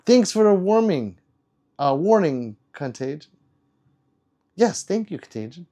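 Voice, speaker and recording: A man's voice: sits high, very animated, unhurried, pauses often, mellow. A man livestreaming, reading out chat messages and teasing viewers in a loose, rambling, joking way.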